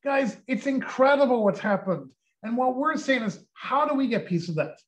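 A man in his sixties giving an energetic sales pitch on a video call, firing off rhetorical questions and acting out quotes. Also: normal speed, low-quality recording. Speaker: company co-founder presenting.

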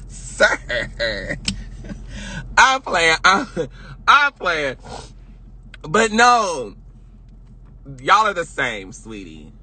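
A man hosting a casual livestream rant, loud and projecting, sassy and profane, laughing often. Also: fairly high pitch, wildly swooping pitch, drawn-out words, long pauses, a little hiss or hum. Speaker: livestream host.

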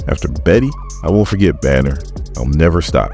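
A man's voice: a bass voice, lively intonation, brisk, a little mellow, faint music behind. A man retelling a taunting green monster. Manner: taunting, threatening. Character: menacing giant green monster, male.

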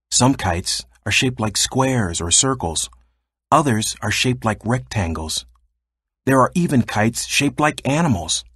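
A man reading a children's nonfiction book aloud in a steady, explaining way. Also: fairly low pitch, slightly rough, no room sound, studio quality. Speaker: narrator.

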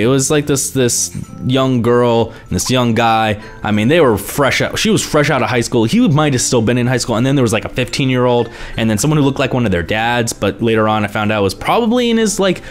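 A young man vlogging, ranting in a casual, profane way with exasperated asides. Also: medium pitch. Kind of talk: ranting vlog monologue.

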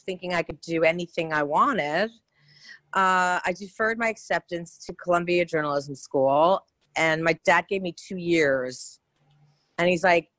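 This woman's fairly low voice comes through with no room sound at all. She's an actress from New York, a guest in a relaxed interview, spinning lively anecdotes and restarting often.

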